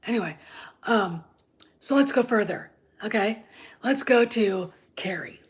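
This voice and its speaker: A woman in her fifties hosting her own channel, ranting about a TV show, sarcastic and profane, often dropping into a hushed whisper and pressing her points with "okay?". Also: medium pitch, expressive, a little slow. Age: 50s. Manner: emphatic, repeats "okay?" for emphasis. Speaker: channel host and TV critic. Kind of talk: ranting commentary.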